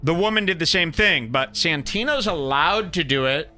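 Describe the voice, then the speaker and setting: A sarcastic, indignant man hosting a podcast, his voice very bright and cutting as he argues over clips. His pitch swings widely from mocking highs to flat, pointed lows. He talks in a heated commentary style. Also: normal speed, faint music behind. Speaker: podcast host.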